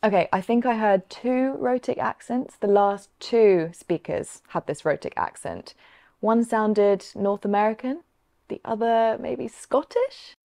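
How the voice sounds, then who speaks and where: A woman from the south of England with a Southern English accent, explaining pronunciation clearly and encouragingly. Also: fairly high pitch, measured pace, mellow. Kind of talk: scripted lesson dialogue.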